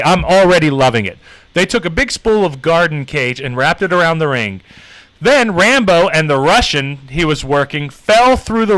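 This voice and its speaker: Guy hosting a livestream, bright kinda high voice, rambly and sweary, talking to his chat. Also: poor audio. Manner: rambling, swears freely, greets chat viewers. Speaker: livestream host. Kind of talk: casual chat reacting to a documentary.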